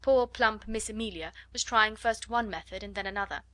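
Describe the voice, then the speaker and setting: A woman's voice: medium pitch, no room sound. Woman narrating a classic audiobook. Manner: measured, expressive storytelling. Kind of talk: scripted narration.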